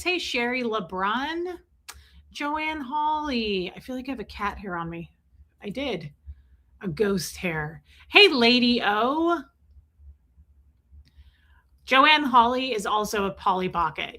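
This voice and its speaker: A woman's voice: a little high, sharp tone. A woman hosting a casual livestream, chatting and joking as she reads out viewers' names. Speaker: livestream host.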